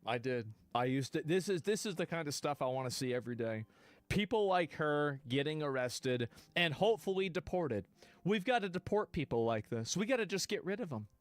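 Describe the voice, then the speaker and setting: A man streaming live, reacting bluntly to clips with profanity and sudden loud outbursts. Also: a little high, lively intonation, fairly quick, no room sound.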